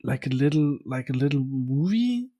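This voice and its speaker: Husky, hesitant male podcast co-host. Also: mid-range voice, sing-song, moderate pace, warm tone, dry recording. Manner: reactive, hesitant, trailing off with "I don't know". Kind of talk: casual podcast chat.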